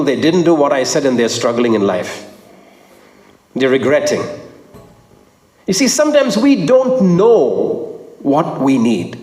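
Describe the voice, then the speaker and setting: A man preaching a sermon, emphatic, repeating his phrases and swinging between low and high notes. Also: darkish tone. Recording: echoey hall with long reverb.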